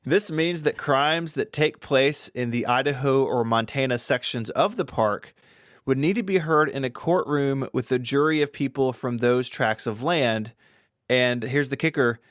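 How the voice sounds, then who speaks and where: Male co-host, dry teasing delivery, mid pitch, dead studio sound. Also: normal speed, dry recording. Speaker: podcast co-host. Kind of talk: scripted comedy podcast banter.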